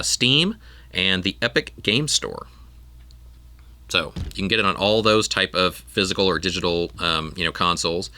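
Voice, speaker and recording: Low-voiced rambling male podcast host. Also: pushed and bright, no echo. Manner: rambling, with frequent ums and restarts. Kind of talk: casual chat.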